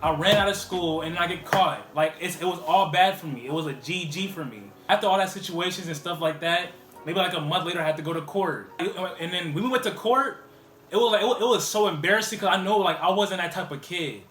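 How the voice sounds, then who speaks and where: Fast-talking high-voiced man telling a story. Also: fairly bright tone, roomy sound, soft background music. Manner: rambling, heavy use of "like" fillers. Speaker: vlogger. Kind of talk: casual storytime.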